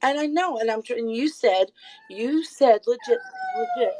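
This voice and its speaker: A woman live streaming, confronting someone with rapid, repeated pointed questions while insisting she is calm. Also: fairly high pitch, background noise. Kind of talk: livestream call-out rant. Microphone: phone.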